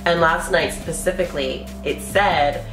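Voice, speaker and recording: A woman's voice: deep voice, moderate pace, echoey room, over music. A woman vlogger answering viewer questions in a casual, candid way, often swearing and laughing, from her living room. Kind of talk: casual Q&A chat.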